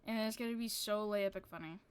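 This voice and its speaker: A woman's voice: medium pitch, fast talker, clear, resonant tone. A woman streamer chatting casually to her viewers, rambling with lots of fillers and casual swearing.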